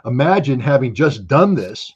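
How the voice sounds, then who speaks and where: A man talks as a guest commentator on a geopolitics livestream. His voice is husky, and his delivery is blunt, sardonic and emphatic. The audio is muffled and lo-fi. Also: mid-range voice, sing-song, normal speed.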